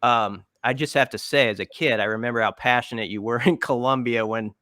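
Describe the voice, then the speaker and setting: A man's voice: mid-range voice, steady tone, a little fast, pushed and bright, dry recording, clean studio sound. A man co-hosting a sports podcast, asking questions in an eager, fan-like way with fillers. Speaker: podcast co-host. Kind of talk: casual podcast interview.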